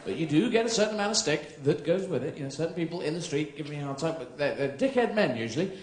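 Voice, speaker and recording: Rambling surreal British comedian on stage. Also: male voice, on the high side, animated, fast. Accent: British English. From Britain. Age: 30s. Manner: rambling surreal storytelling, swearing, slipping into silly voices. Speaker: stand-up comedian. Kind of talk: live stand-up comedy. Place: theatre stage before a live audience. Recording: echoey theatre with loud audience laughter.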